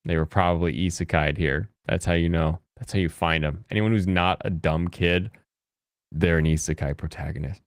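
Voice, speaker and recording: An American man chatting casually with his live-stream audience, joking and breaking into high mocking voices. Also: steady tone, moderate pace, dry recording, studio quality. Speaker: streamer reacting to chat.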